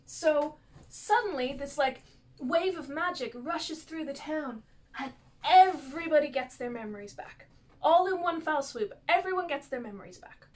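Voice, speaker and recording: A woman vlogger rambling through a casual recap of a TV show's plot, with lots of "like" and asides. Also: high-pitched.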